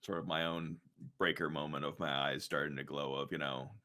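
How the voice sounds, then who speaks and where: A man playing a tabletop game, speaking in a measured way with many "you know"s. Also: a bass voice, flat delivery, pushed and bright. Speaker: player.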